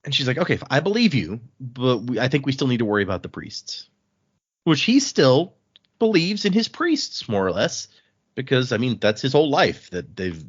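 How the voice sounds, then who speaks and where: A man with a fairly low voice hosts a book podcast, recounting scenes in relaxed conversation and performing the dialogue in changing voices. The recording has a lo-fi quality.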